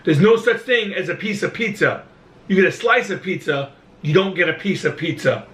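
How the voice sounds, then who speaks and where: A man in his thirties chatting casually as a vlog co-host, telling stories with animated, mock-indignant emphasis. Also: high-pitched, normal speed, reverberant. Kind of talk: casual chat.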